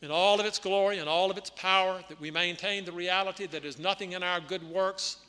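A man preaching a sermon in a deliberate, emphatic teaching manner, often clearing his throat and restarting phrases. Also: high voice, fairly even intonation, bright, forceful tone. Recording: long reverb of a large hall.

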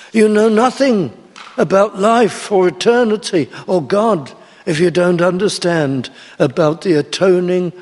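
A man delivers a sermon in a slow, deliberate cadence, his voice sitting slightly high. He pleads with his listeners, lifting his emphasis on the words that matter. The sound rings with a long reverb, as in a large church hall. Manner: earnest, pleading, rising emphasis on key words. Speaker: preacher.

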